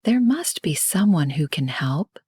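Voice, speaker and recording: Whispered role-play: a woman voicing a gentle, brave storybook girl, a breathy whisper pitched a little higher. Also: sing-song, unhurried, no room sound, studio quality, exaggerated voice. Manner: gentle, soft. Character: kind, brave young girl.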